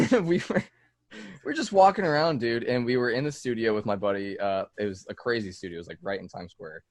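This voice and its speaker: A man talks as a music producer guest in a casual podcast, his voice pitched in the ordinary male middle. He rambles through anecdotes full of "like," "dude" and swearing. The recording is close and dry, with no room sound. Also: lively intonation, a little fast, dry recording. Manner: loose storytelling, swears freely, fillers like "like" and "dude".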